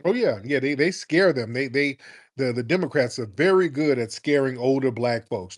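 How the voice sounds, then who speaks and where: A male radio host takes calls in a casual, blunt style. He leans on slang and mockery, and his pitch sits in the ordinary middle range for a man. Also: moderate pace. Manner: blunt, mocking, slangy and animated, mimics people in put-on voices. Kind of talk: casual call-in talk.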